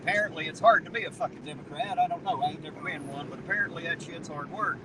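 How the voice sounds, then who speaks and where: A man with a Southern twang talks with a lively, sing-song rise and fall, slightly raised in pitch. He is folksy and profane as he chats with his stream. He sits some way from the mic inside a car, and loud road noise rumbles under every word. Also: quick pace, far from the mic. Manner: folksy, profane, joking with chat. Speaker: livestream host. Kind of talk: casual livestream chat while driving.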